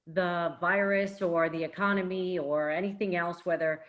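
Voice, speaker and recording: A woman's voice: on the low side, steady tone, moderate pace, lo-fi sound. A woman hosting a virtual live radio event, upbeat and inviting as she hands over the stage. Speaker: radio host.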